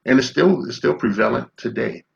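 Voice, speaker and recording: A gravelly-voiced man in his fifties from Chicago, delivering a confrontational, profane commentary rant that is heavy on rhetorical questions. His voice sits in a middle pitch range and carries a rough, creaky edge. The recording sounds dull and lo-fi. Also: a little fast. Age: 50s. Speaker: commentary vlogger. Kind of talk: ranting commentary.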